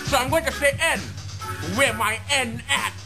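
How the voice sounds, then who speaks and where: A man's voice: very high-pitched, moderate pace, vocal fry, over music. A man voicing a boastful, swaggering male parody rapper, chanting and hollering in repetitive bursts.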